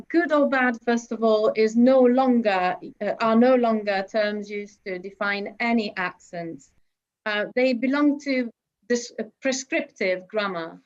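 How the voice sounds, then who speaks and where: A woman's voice: a little high, dull audio. A woman teaching an online English class, explaining at length with many fillers over a video call.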